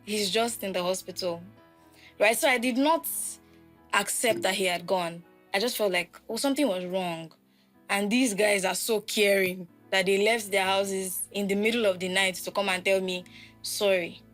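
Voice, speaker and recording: A woman's voice: medium pitch, moderate pace, faint music behind. Reflective young woman recalling grief. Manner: reflective, animated when quoting people. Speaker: podcast host. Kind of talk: emotional personal storytelling.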